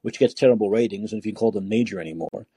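A man's voice: on the low side, very fast, mellow, husky, dry recording. A man hosting a call-in podcast, ranting with indignation and firing off rhetorical questions, often repeating words as he heats up. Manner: repeats words when heated. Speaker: podcast host taking calls.

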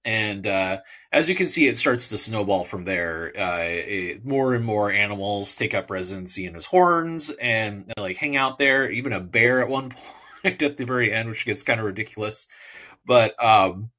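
A male podcast host who talks alone, rambling through book picks and slipping into character voices as he retells the stories. His voice sits on the low side, but the tone is bright and forward. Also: animated, normal speed. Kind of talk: solo podcast talk about children's books.

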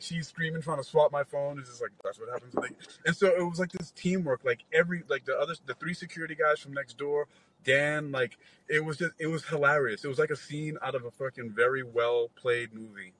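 A man's voice: a little high, fast, crowd noise, rough recording. A man in his forties telling a long story in casual chat, rambling and swearing, acting out the other people's lines as he goes. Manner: rambling, profane, animated retelling with quoted dialogue.

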